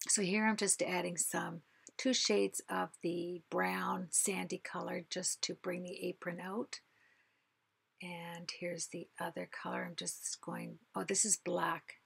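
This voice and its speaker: A woman hosting a card-making tutorial, chatting casually as she works and often dropping into a soft half-whisper. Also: lowish voice, no room sound. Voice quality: husky, creaky voice. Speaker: craft video host. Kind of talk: casual craft tutorial narration.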